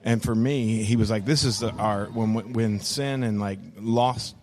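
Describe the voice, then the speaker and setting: A man's voice: lowish voice, a little slow, a little mellow. A middle-aged pastor with a Texan accent, telling his story frankly in casual table talk. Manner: frank, earthy storytelling with acted-out quotes.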